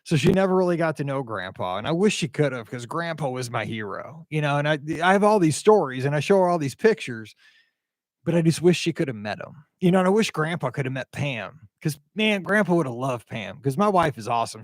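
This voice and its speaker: A middle-aged man from the American Midwest hosts a podcast, chatting casually and reading listener feedback in a rambling, enthusiastic way with frequent restarts. His voice is a little high with big pitch swings and a slightly fast pace, recorded dry with clean studio sound.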